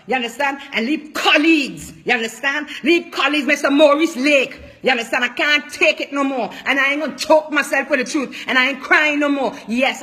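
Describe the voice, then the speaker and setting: A woman politician speaks out in an impassioned statement, repeating lines for emphasis and pressing each point hard. Her voice sits high and rings bright and forceful, and emotion pushes through her words.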